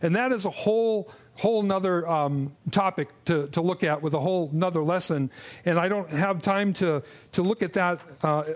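High-voiced man preaching earnestly. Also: normal speed. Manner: earnest, repeats words, frequent restarts and fillers; drops low and quiet when mimicking grumbling. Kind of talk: expository sermon.

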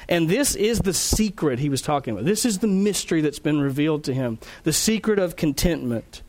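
A man preaching a sermon, earnest and explanatory, slowing down to stress key phrases and often repeating words as he restarts. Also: on the high side. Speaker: pastor.

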